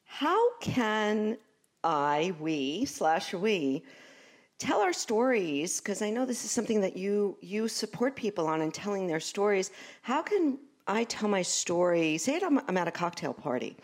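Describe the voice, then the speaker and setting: A woman from Brooklyn with a Brooklyn accent, hosting an interview in a chatty, animated way. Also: mid-range voice, measured pace. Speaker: podcast host. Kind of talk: casual interview chat.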